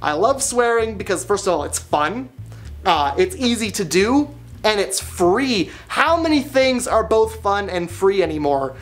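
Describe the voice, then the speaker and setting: Deadpan young man confessing mischief. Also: sits high, a little slow, faint music behind. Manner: deadpan, self-mocking storytelling. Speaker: vlogger. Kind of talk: comedic confessional monologue.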